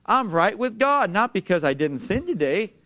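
A man preaching a sermon to a congregation, emphatic, asking them to repeat lines and slowing down to read scripture. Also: high voice, sing-song, sharp tone. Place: church before a congregation.

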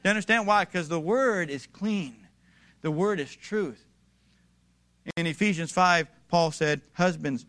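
A man's voice: sits high, unhurried, fairly bright tone. A man preaching a sermon, emphatic and building to raised declarations, addressing his congregation directly. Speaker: pastor.

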